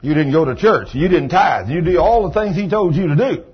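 A man preaching a sermon, telling healing stories in a folksy way that moves from hushed retelling to loud praise. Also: fairly high pitch, animated, brisk, slightly rough. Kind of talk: sermon storytelling. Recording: dull lo-fi recording with faint noise.

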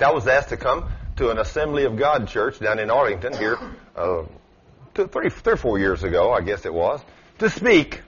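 A preacher man with a husky, slightly breathy voice delivers a folksy, storytelling sermon. His pitch leaps up and down animatedly, and the sound is dull and lo-fi, like an old radio broadcast. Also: a bit bright.

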